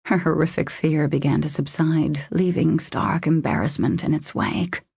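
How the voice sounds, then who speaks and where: A woman narrating a romance audiobook in a steady, measured reading style. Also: low voice, creaky, breathy edge, dry recording, clean studio sound. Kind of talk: scripted narration.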